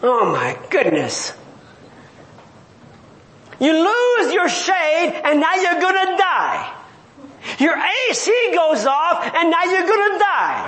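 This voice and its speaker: A man's voice: extremely high pitch, wildly swooping pitch, slow pace, pauses often, sharp tone, reverberant. A man preaching a sermon, reading scripture and then retelling it with humor and acted-out voices. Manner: reads scripture then paraphrases in everyday talk.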